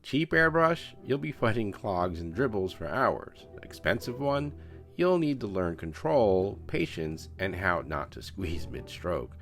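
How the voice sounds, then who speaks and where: Man, deep voice, very animated intonation, joking voice-over, soft music behind. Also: unhurried. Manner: joking, self-mocking banter. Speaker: scale model builder. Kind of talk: voice-over narration of a hobby build.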